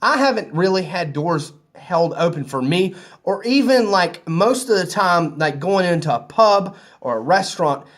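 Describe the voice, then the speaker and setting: A man's voice: high-pitched, lively intonation, moderate pace, fairly bright tone. A man from the American South with a Southern accent, telling a rambling, easygoing story to camera in a hotel room. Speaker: vlogger.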